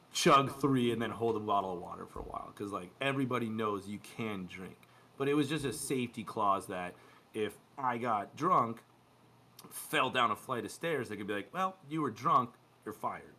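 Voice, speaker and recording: A man co-hosting a podcast, chatting casually about crew life and acting out quoted dialogue in lively bits. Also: on the low side. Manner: animated, acts out quoted dialogue. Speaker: podcast co-host, former cruise ship youth staff. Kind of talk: casual storytelling chat.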